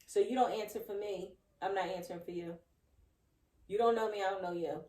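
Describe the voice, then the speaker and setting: A woman's voice: mid-range voice, fairly even intonation, a little fast, dark tone, far from the mic. A woman co-hosting a podcast, blunt and outspoken in casual chat. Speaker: podcast co-host. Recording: echoey room, a bit off-mic.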